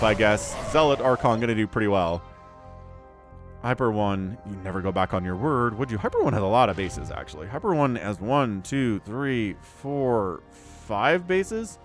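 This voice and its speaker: A man casting a strategy game match, jokey and excitable, reading viewers' chat aloud as he goes. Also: medium pitch. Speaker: game caster. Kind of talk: lively esports commentary.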